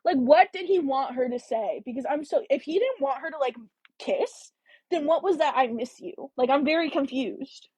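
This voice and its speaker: A woman's voice: high voice, normal speed, no room sound, poor audio. Chatty woman hosting a book livestream. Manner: animated, chatty, reacts to viewer comments. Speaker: book club host. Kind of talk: casual livestream chat.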